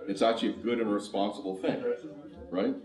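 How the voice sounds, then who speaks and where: A man from Canada runs a conference workshop, playful and quick to laugh as he quizzes the audience. His voice sits low. The recording is roomy and distant, as if caught from across a hall. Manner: animated, laughing, asks the audience questions. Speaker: conference speaker. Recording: roomy hall, mic far off.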